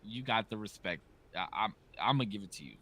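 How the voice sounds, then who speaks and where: A man's voice: on the low side, fast, breathy edge. A man in his thirties hosting a podcast, chatting casually and acting out stories with quoted dialogue. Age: 30s. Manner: animated storyteller, acts out quoted dialogue. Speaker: podcast host. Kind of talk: casual chat.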